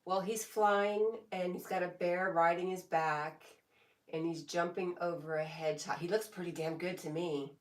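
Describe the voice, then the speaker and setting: A woman casually chatting on a live stream, reading viewers' comments aloud in a relaxed way and laughing often. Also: lowish voice, normal speed, recorded from a distance. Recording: echoey room, voice a bit off mic.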